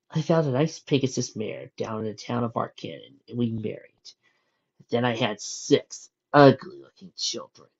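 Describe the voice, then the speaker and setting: A man's voice: medium pitch, gravelly, muffled recording. A man reading as a sneering mad scientist. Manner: sneering, gleeful menace. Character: cruel gloating male mad scientist pony.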